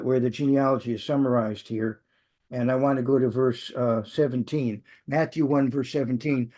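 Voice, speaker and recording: A man's voice: mid-range voice, darkish tone. A man teaching a Bible study who checks in with his listeners and often stumbles, restarts and corrects himself as he goes. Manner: many restarts and self-corrections, engaging; checks in with the audience.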